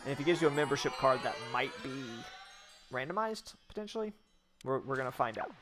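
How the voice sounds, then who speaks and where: A man's voice: medium pitch, animated, brisk, over music. Blunt, rambling man playing a game. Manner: rambling, blunt, swears freely. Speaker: streamer. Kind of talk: casual gameplay commentary.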